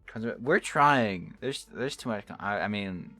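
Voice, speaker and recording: A man's voice: fairly low pitch, lively intonation, bright, forceful tone, dry recording, soft background music. A man from the Southern US co-casting a game stream in a casual, playful way. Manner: playful, quick to laugh along. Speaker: tournament co-caster.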